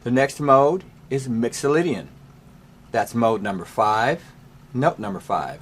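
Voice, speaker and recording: A man's voice: mid-range voice, sing-song, slow pace, pauses often. A man teaching a music lesson, patiently explaining scales step by step. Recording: faint piano playing behind.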